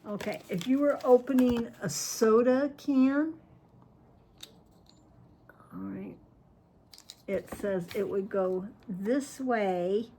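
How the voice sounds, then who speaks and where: A woman talks slowly and gushes as she opens fan mail for her viewers, her voice sitting a little high. She chats on, trails off mid-sentence and breaks off to coo at her cat. A faint hiss sits under the recording. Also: dark tone. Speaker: vlogger opening fan mail. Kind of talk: casual chat to camera.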